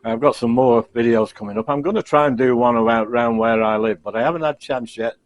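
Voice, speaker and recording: A man's voice: mid-range voice, no room sound, dull audio, faint music behind. Middle-aged guy signing off his cooking vlog at home, chuckly and self-deprecating, lots of uhs, dry close sound. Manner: self-deprecating, chuckling, halting with many fillers. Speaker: cooking vlogger. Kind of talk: casual rambling sign-off to camera. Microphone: camcorder.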